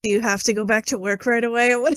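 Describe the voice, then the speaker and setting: A woman co-hosts a casual movie-review podcast, jumping in with excited, giggly remarks. Her voice is high. The recording is dry and close. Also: quick pace, no echo. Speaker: podcast co-host.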